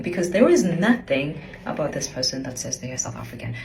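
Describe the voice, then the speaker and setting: A woman vlogger tells a story in an emphatic, disbelieving way, her voice a little lower than most. The room rings with echo, and a faint hiss sits underneath. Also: big pitch swings, brisk, creaky. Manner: incredulous, emphatic retelling of a conversation. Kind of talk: casual storytelling to camera.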